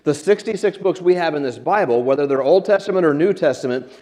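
Conversational pastor, echoing church. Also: male voice, a little high, lively intonation, fast, darkish tone. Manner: conversational, self-deprecating humor, frequent restarts. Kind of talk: sermon. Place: church sanctuary. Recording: long church reverb.

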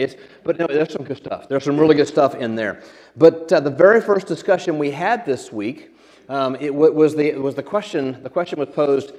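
In a church sanctuary with long reverb, a pastor with a medium-pitched, darkish voice delivers a sermon. His style is conversational, full of self-deprecating humor and frequent restarts.

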